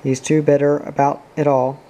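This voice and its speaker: Flat, gravelly, dark male reader. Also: fairly high pitch, normal speed, poor audio. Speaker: audiobook reader. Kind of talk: scripted narration of a novel.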